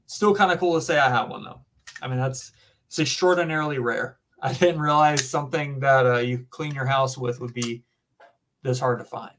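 A man's voice: mid-range voice, normal speed, fairly bright tone. A man in his twenties with a Southern US accent, chatting casually and rambling with lots of fillers. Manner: rambling, filler-heavy, says dude and man. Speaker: podcast guest. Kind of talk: casual chat.

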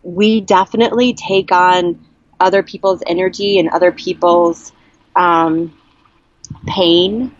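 A woman around forty tells a personal story in a candid, heartfelt way. She often stops, restarts and searches for words. Her voice sits fairly low, and the recording is dry, with no room sound, and dull, with a muffled lo-fi tone. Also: fairly even intonation, no room sound. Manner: earnest, heartfelt, halting with many restarts. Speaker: interviewee sharing a personal story. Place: at a camp.

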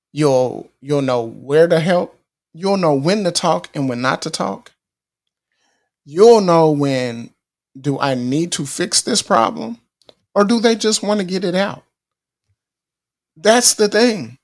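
A middle-aged man talks through life advice at an unhurried, drawn-out pace. His voice has a gravelly, fry-laden edge and sits a little higher than most men's. He sounds earnest and a bit preachy, circling back over his points and restarting phrases as he goes. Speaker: podcast host. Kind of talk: casual motivational talk.

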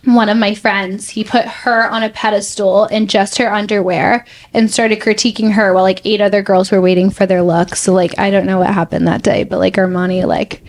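A woman's voice: medium pitch, moderate pace, hardly any pauses. A woman in her twenties, a fashion model, telling stories in a casual podcast chat, chatty and full of "like". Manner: chatty, heavy use of "like", animated retelling.

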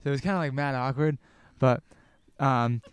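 A young man telling a rambling story in a casual outdoor podcast chat, getting animated and cursing as he goes. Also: mid-range voice, normal speed, smooth, dry recording. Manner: rambling, animated, swears when worked up. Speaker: podcast guest.

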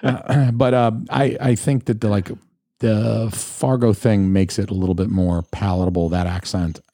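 A young man from Atlanta hosts a podcast in loose, crude chat. His voice sits low and dark. The sound is dry and close. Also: level tone, moderate pace, no room sound. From Atlanta, US South. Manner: laid-back, crude, joking. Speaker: podcast host.

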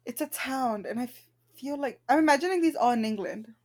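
A playful woman guesses answers in a relaxed podcast chat, joking and laughing along. Her voice sits high. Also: brisk. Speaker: podcast co-host guessing in a quiz. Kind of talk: casual chat.

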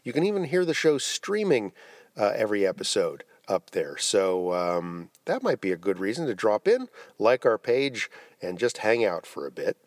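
A man's voice: fairly low pitch, big pitch swings, moderate pace, no room sound, clean studio sound. Chatty podcast host man. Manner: chatty, spells out web addresses. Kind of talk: reading show announcements.

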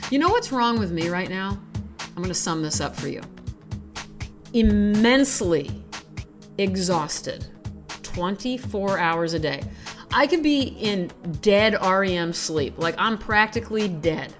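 Tired, excitable woman podcaster. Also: medium pitch, measured pace, music in the background. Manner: profane, excitable, self-mocking. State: exhausted, recovering from surgery. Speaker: podcast host reading essays aloud. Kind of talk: reading aloud, then casual chat.

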